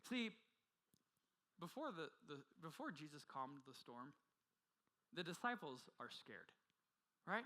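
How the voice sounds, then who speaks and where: A male pastor preaching a sermon with passion, swinging from loud urgency to hushed intensity and often restarting his phrases. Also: on the high side, very animated, takes it slowly, long pauses, poor audio. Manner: frequent repeated restarts. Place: church.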